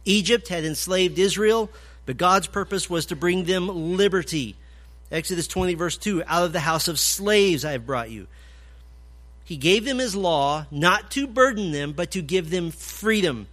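A man preaching an expository sermon, emphatic, swinging from loud declarations to low, quiet points. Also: expressive, moderate pace. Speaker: pastor.

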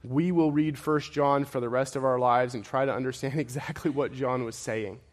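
A man's voice: medium pitch, steady tone, normal speed, in a large hall. A man preaching a sermon, emphatic and repetitive, his intensity rising and falling.

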